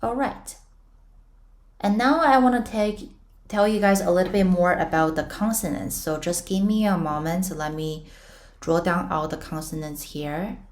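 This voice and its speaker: A young woman with a slightly low voice gives a casual online Mandarin lesson at an unhurried pace. She explains patiently, step by step, with playful comparisons. She sometimes models a tone with a high, drawn-out syllable. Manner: models tones with sudden high sung-out syllables. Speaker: Mandarin teacher.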